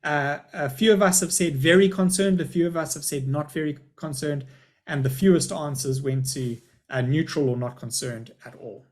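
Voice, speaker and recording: A man's voice: a little high, moderate pace. A middle-aged man, a school principal, giving a chatty, upbeat live webinar presentation over a video call.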